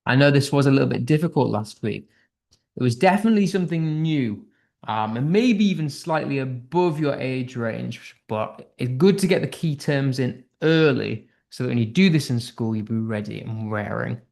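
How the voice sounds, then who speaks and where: A man's voice: medium pitch, expressive, moderate pace, gravelly, a little mellow. A man with a British accent teaching an online English class, upbeat and thinking aloud as he reads out quiz answers. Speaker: English tutor.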